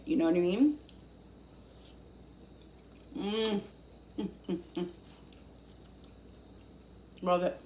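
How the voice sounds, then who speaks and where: A woman hosting a casual cooking vlog from her home kitchen, gushing and excitable about the food as she eats and talks. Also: lowish voice, drawn-out words, pauses often, roomy sound, slight background noise. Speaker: cooking vlogger.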